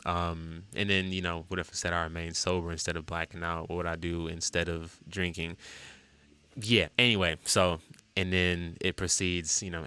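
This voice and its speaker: A man musician talking casually to camera about his songs, rambling with many fillers and sudden jumps up in pitch. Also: level tone, fairly quick, pushed and bright, smooth, dry recording. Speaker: musician and TikTok creator.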